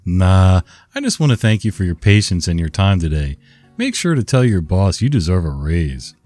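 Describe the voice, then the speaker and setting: A man voicing a slow, dim-witted male office worker in a drawling, turtle-like voice. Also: deep voice, big pitch swings, a little mellow, dry recording, soft background music. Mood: slow, cheerful.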